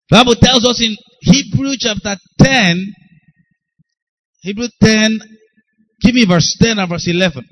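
A man's voice: sits high, lively intonation, moderate pace, rough recording. A man preaching a sermon, emphatic and repetitive, often calling out to his congregation. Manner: emphatic, repeats phrases, calls out to congregation.

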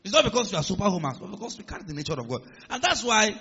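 A male pastor preaching a sermon in a large church hall, emphatic and building to loud declarations. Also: high voice, sing-song, very fast, slightly rough. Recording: muffled sound with long hall reverb.

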